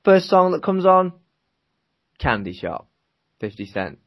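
A man's voice: sits high, very animated, slow, highs cut off. A man from Britain, co-hosting a podcast, telling a rambling anecdote and laughing often in casual chat. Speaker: podcast co-host.

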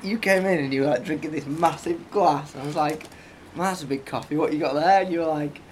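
A man's voice: on the high side, fast talker. Man, podcast co-host, dry mumbly storyteller, audible background noise. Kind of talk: casual banter.

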